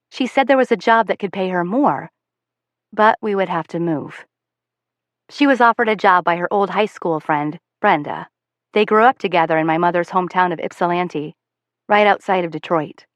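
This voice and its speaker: A woman's voice: lowish voice, dry recording. Woman narrating a novel, wry and dry. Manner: wry, self-aware, conversational. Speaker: audiobook narrator. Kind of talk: first-person novel narration.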